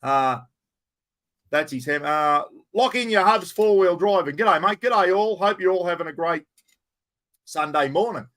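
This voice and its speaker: A man's voice: high-pitched, animated, measured pace, fairly bright tone. A middle-aged man with an Australian accent, hosting a casual live chat, greeting viewers by name and swearing in an easy way. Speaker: livestream host. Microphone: plugged-in microphone.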